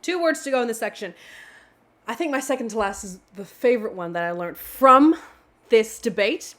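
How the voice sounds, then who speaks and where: A woman hosting a casual vocabulary video, explaining words in a playful, animated way with little exclamations. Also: on the high side, normal speed. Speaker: vocabulary channel host.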